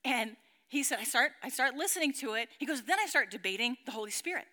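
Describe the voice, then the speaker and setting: Woman, high bright voice, casual storytelling preacher who acts out the quotes. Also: expressive, quick pace. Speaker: speaker teaching a faith group. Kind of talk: storytelling sermon talk.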